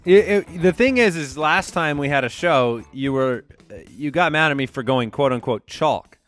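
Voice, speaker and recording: A man's voice: fairly high pitch, animated, normal speed, fairly bright tone, soft background music. A man hosting a podcast in casual banter who keeps the show moving and reads out listener questions. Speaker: podcast host.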